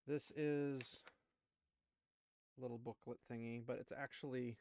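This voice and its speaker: A man's voice: medium pitch, fairly even intonation, measured pace, a little mellow, a little hiss or hum. A young man streaming, chatting casually and laughing as he shows off his collectibles. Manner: chatty, laughs often, rambling asides. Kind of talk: casual chat showing off collectibles.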